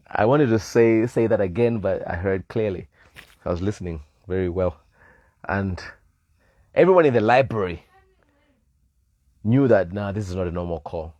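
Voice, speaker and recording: A man with a lowish voice tells a story from his own life in an easy, chatty way. He is animated, laughs a lot and slips into the voices of the people in his tale. The sound is dry and close. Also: no room sound. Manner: animated, laughs often, acts out quoted voices. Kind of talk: casual storytelling. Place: live stream.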